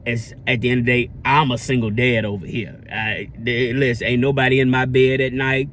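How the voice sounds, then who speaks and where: A man's voice: mid-range voice, flat delivery, brisk, fairly bright tone, a little hiss or hum. A man vlogging in a casual, preachy style, earnest and repetitive, with a sermon-like cadence. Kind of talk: casual preachy vlog talk.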